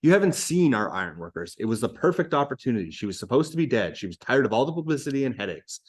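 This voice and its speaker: A man's voice: mid-range voice, very animated, fast talker, breathy edge. A man reading aloud as a confident local woman, telling a tall tale in a matter-of-fact, teasing way.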